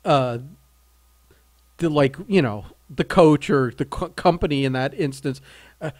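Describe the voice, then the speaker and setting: A man's voice: fairly high pitch, a little slow, darkish tone, no echo. A man co-hosting a podcast, giving his opinion in a ranting, casual way. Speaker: podcast co-host. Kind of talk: casual chat.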